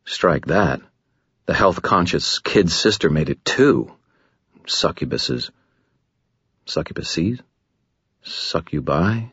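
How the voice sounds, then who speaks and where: A man's voice: deep voice, lively intonation, slow, a bit bright, breathy edge, dry recording. A man narrating a first-person audiobook in a wry, dry-humored, self-mocking way. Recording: dull muffled audio, dry.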